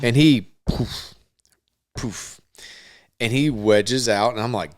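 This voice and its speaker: Animated young man telling a story. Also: mid-range voice, slow pace, pauses often. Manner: animated, swears a lot, acts out quotes. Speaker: podcast co-host. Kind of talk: casual storytelling chat.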